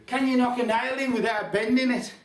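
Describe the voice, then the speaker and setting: A man with a Black Country accent voicing a brisk male master carpenter who quizzes a new hand. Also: very high voice, fairly even intonation, echoey room, distant mic, pitched above the performer's own voice.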